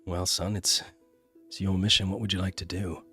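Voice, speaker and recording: A fatherly officer of a holy order, as a game master puts him on, calm and unhurried. He speaks in a low, soft tone and pauses now and then. It is an everyday voice, lightly acted for a tabletop campaign. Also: vocal fry, slightly rough, faint music behind, exaggerated voice. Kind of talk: tabletop role-play voice.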